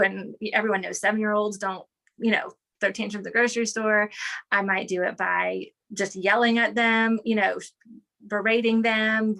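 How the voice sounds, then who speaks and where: A woman explaining an idea in an interview, animated and teacherly, often checking in with "right?" and "okay". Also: mid-range voice, brisk, creaky.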